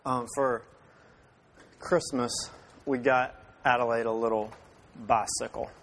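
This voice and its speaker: A man's voice: mid-range voice, slow. A man in his thirties, a father telling a humorous personal story to an audience, poking fun at himself and acting out the dialogue. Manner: self-mocking, acts out dialogue in lively voices.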